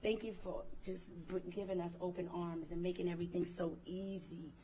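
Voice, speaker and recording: A woman who is a reality TV cast member giving an excited, effusive speech at an event. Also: on the low side, moderate pace, rough recording.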